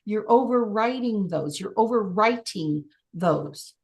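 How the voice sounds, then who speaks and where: Energetic woman coaching with vivid enthusiasm. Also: mid-range voice, slow pace. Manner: animated, acts out scenes with vivid excitement. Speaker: life coach. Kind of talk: coaching session with a client.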